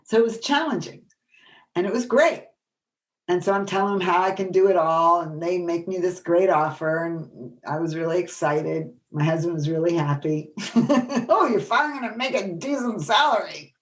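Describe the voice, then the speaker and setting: A middle-aged woman presenting a workshop, telling animated stories and acting out the voices of people she quotes. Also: lowish voice, normal speed. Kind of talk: storytelling lecture.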